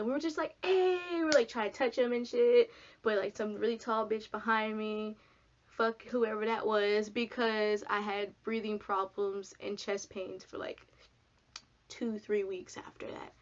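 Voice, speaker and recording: A woman's voice: medium pitch, highs cut off. A young woman telling a long, rambling storytime for her vlog, full of fillers and casual swearing. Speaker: vlogger. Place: home, sitting down.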